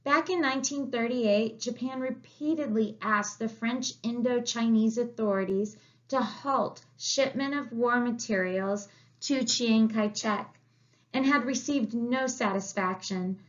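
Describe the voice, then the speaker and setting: A woman teaching a history lesson, speaking slowly and deliberately in a recorded lecture. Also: fairly high pitch. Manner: slow and deliberate, with quoted asides. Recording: dull lo-fi recording.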